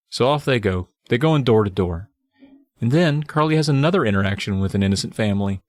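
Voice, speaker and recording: A man co-hosting a podcast, casually recapping a book, animated and swearing as he acts out scenes. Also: fairly low pitch, normal speed, no echo. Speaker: podcast co-host.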